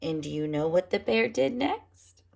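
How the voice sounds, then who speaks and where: Preschool teacher lady reading a picture book, lively swoopy voice with some gravel. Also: fairly low pitch, measured pace, slight background noise. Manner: animated, asks children questions. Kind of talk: storybook read-aloud for children.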